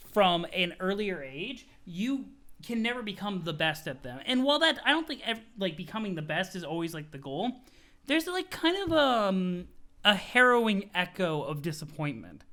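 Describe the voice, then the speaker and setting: A young man streaming a live read-along of a webcomic, animated and casual, chatting with his viewers and swearing freely. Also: sits high.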